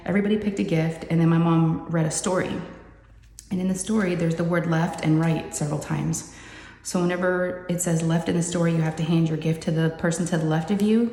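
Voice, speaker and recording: A woman's voice: low voice, dark tone. A woman hosting a crafting channel, chatting casually and rambling to her viewers from her craft room. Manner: chatty, meandering, says y'all. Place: craft room upstairs with door closed. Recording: echoey room with long reverb, faint noise.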